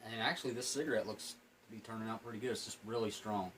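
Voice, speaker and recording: An MRE reviewer, a plain-spoken man, rambles casually about the food while eating and smoking, sometimes with his mouth full. His voice is on the low side, quick and a bit bright, with poor audio and a little hiss or hum.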